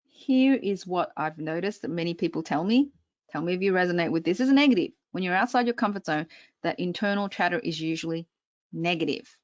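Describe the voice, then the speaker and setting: Low-voiced woman coaching an online workshop. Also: animated, fairly quick, no room sound, dull audio. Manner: engaging, addresses audience directly with frequent check-ins. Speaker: public speaking coach.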